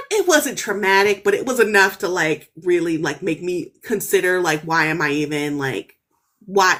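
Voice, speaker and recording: A woman in her thirties, appearing as an author guest on a podcast, tells a story casually and with lots of energy. Her fairly low voice leaps upward when she gets excited, and she peppers her speech with "like" and "right?"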